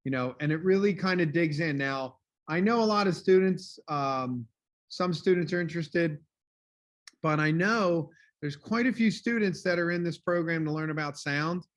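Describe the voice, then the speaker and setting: A man leads an online class review over a video call. His voice sits a little high, and his delivery is loud and casual. He keeps checking in with "okay?" and fills gaps with "um.". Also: normal speed. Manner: loud, filler-heavy, casual. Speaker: teacher.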